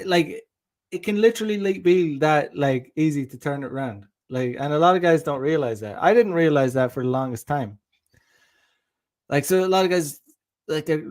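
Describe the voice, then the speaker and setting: A man's voice: fairly high pitch, a little mellow. Rambling young man giving dating advice. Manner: rambling, many restarts, acts out dialogue. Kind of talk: casual monologue.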